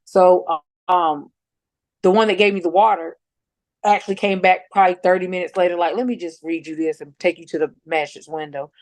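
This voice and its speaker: A middle-aged woman slowly recounting a painful personal experience, halting and restarting often. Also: on the low side, fairly even intonation, darkish tone, no room sound. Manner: slow, halting retelling with many restarts and fillers. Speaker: mother telling her story as a guest. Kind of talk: emotional personal account.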